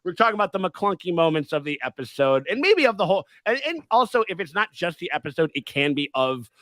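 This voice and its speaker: A man's voice: sits high, big pitch swings, quick pace, fairly bright tone, dry recording. A man with a slightly raised voice hosts a loose livestream chat, rambling and swearing, laughing between thoughts. His voice sits dry and close to the mic. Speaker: podcast host.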